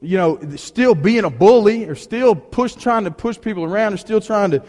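A man preaching with a slightly higher voice, telling stories in a loose, conversational way with many restarts. He drops to a hush, then rises to emphatic points. His voice rings out with a long reverb, as in a large hall. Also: animated, normal speed. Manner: conversational storytelling with frequent restarts; swings between hushed and emphatic. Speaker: pastor. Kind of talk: sermon.

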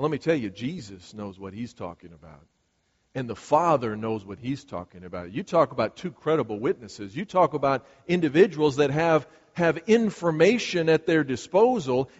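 A man's voice: on the high side, very animated, normal speed, darkish tone, breathy edge. A man preaching a sermon in an earnest, emphatic way, taking on Jesus' voice as he paraphrases scripture. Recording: dull sound with long hall reverb.

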